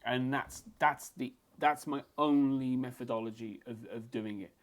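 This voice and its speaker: A man, a fight photographer talking as a podcast guest in a blunt, lively, profane storytelling manner. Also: medium pitch, moderate pace. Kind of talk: casual podcast chat. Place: martial arts gym.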